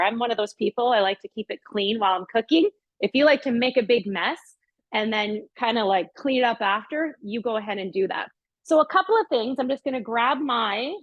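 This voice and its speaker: A woman's voice: a little high, no room sound. A middle-aged woman hosting a casual cooking demonstration in her home kitchen, chatting upbeat as she works. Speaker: cooking show host. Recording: dry, dull lo-fi sound.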